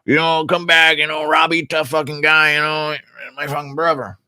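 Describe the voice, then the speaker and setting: A mumbling, meandering veteran fighter who trails off and loses his thread, as a streamer puts him on. Slightly raised pitch, with a dry, close sound. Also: completely flat delivery, normal speed, pushed and bright, smooth, no echo. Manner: mumbling, filler-heavy rambling.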